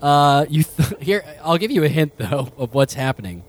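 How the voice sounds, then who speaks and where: A man's voice: on the high side, very animated, normal speed. A man narrating as game master of a tabletop game, rambling loosely and laughing often.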